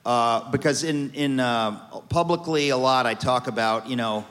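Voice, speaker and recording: Animated joking man in a reverberant hall. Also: mid-range voice, moderate pace. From United States. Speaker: guest author. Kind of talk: storytelling interview on stage.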